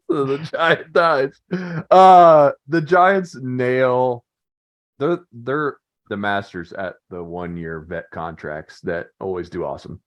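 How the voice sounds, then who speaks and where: Man musing uncertainly on a sports chat. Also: on the low side. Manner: laughing, unsure musing. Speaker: podcast co-host.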